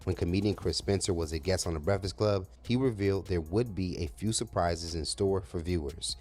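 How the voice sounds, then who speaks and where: A man narrating a scripted entertainment news segment in an even read. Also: low voice, a little fast.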